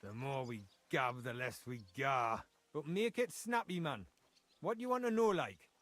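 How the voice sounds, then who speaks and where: A man's voice: mid-range voice, animated, normal speed, fairly bright tone, no room sound, natural voice. An actor with a Geordie accent playing a blunt, impatient male mine foreman in a video game. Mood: gruff. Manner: blunt, dialect-heavy, grumbling.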